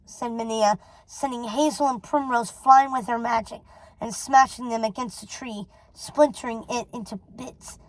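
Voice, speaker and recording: A woman's voice: a little high, fairly even intonation, moderate pace, no echo, rough recording. Woman reading a storybook aloud. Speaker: reader.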